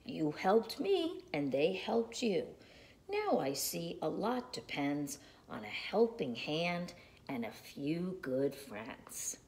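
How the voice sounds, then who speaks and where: A woman's voice: fairly low pitch, big pitch swings, slow, darkish tone, slight background noise, exaggerated voice. Woman reading a big bossy dump truck. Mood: grateful. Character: big proud male dump truck, bossy then grateful.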